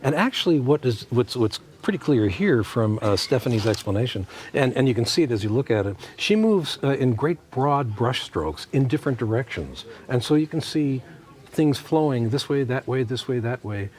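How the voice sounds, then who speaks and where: Male art commentator, mid-pitched, chatty, halting, restarts often. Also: animated, darkish tone. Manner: hesitant, many fillers and restarts, chatty. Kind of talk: unscripted on-air commentary. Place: TV studio.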